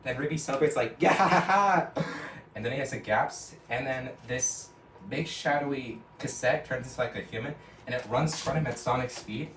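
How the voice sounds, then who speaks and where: A man's voice: medium pitch, fairly quick, fairly bright tone, slight background noise. Rambling man retelling a cartoon. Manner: rambling, many "and then" and "like". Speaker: storyteller. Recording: echoey room, from a distance.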